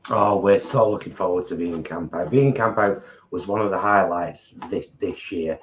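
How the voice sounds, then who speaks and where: A man's voice: low voice, normal speed, slight background noise. A middle-aged man co-hosting a casual mukbang chat, blunt and outspoken, mocking his critics. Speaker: co-host. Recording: slightly dull home recording.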